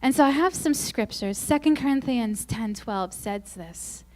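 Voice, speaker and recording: A woman speaking at a Christian women's conference, telling self-mocking, humorous stories and acting out quoted lines in a higher, louder voice. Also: animated, a little slow. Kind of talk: faith-based conference talk.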